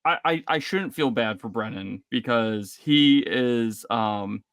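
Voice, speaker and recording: A man's voice: mid-range voice, slow, fairly bright tone, smooth, dry recording. Chatty male interview host, dry sound. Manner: rambling, lots of "like" and restarts. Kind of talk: casual video interview.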